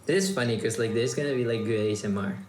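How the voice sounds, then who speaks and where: A man's voice: medium pitch, rapid-fire, darkish tone. Rambling man from Mexico in a roomy space. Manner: rambling, loose, trailing off mid-sentence. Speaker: host. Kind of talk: casual chat. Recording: roomy echo with faint background noise.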